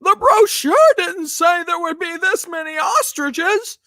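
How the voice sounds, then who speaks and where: A man putting on an impression of a jittery, fussy man complaining in a high, strained, nervous whine. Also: a little slow, pushed and bright, no echo, clean studio sound, exaggerated voice. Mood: exasperated. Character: jittery, fussy man griping about his vacation.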